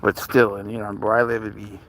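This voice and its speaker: A man hosting a live stream outdoors at night on a phone, rambling and joking with viewers while talking softly to his cat. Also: fairly low pitch, level tone, a little fast, slight background noise. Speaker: livestream host. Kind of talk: casual live-stream chat.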